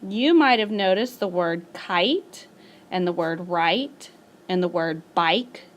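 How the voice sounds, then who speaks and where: A woman teacher recording a spelling lesson as a voice-over for her class. She talks patiently and slows down to stretch out each example word. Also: fairly low pitch, lively intonation, slight background noise. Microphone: screencast voice-over.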